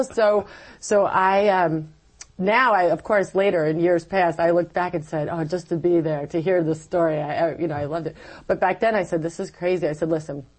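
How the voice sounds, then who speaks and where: A woman giving a personal faith testimony as an interview guest, telling her story in an animated way and acting out her own past words. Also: lowish voice, poor audio.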